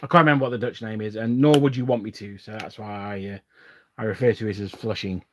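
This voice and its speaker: Building models at his desk on a live stream, an English host rambles casually, interrupting himself and chuckling often. He talks quickly in a lowish, steady, slightly bright voice over a little hiss or hum.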